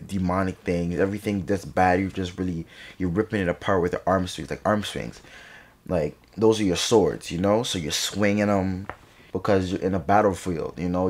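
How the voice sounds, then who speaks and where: Earnest man with a very deep voice. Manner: earnest, explaining. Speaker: krump dancer. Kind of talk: interview.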